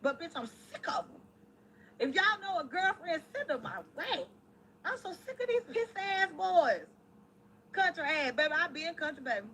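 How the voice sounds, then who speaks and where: A woman ranting loudly and profanely to her camera. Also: extremely high pitch, big pitch swings, moderate pace, slight background noise, low-quality recording. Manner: brash, loud and profane. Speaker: online creator.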